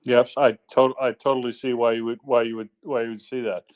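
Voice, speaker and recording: A man co-hosting an online chat who speaks haltingly and restarts his sentences often. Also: mid-range voice, little pitch movement, darkish tone, lo-fi sound. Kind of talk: casual chat.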